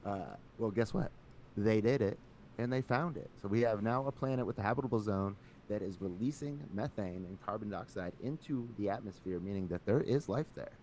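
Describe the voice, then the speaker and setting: A man's voice: lowish voice, brisk, darkish tone, a little hiss or hum. A man co-hosting a casual podcast, joking around and laughing often as he talks. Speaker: podcast co-host.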